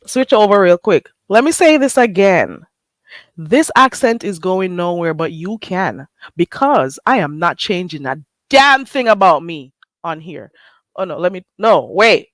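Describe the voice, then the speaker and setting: This is a woman hosting a casual livestream while she gets sick. Her talk is lively and swings up and down, slipping into patois and salty language. The sound is close and dry. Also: fairly low pitch, a little slow, dry recording. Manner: animated, swings into patois, swears freely, laughs often. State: getting sick. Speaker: livestream host.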